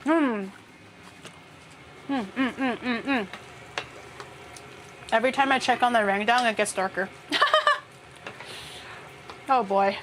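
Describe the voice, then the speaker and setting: A woman's voice: a little high, takes it slowly, pauses often, noisy background. A woman chatting casually with viewers while she cooks on a live stream, swearing now and then. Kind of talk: casual chat while cooking. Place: home kitchen.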